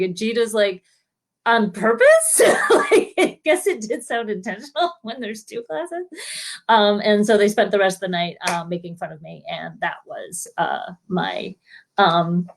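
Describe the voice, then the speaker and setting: Laughing, animated woman storyteller at home. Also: medium pitch. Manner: animated, laughs often, acts out quoted voices. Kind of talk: spontaneous comic storytelling.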